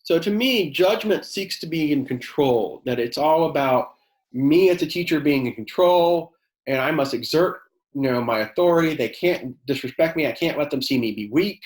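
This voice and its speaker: Male high school teacher giving a workshop, sarcastic edge, loose talky delivery, roomy sound. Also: animated, normal speed. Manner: conversational, many fillers, acts out quoted exchanges; self-described sarcastic.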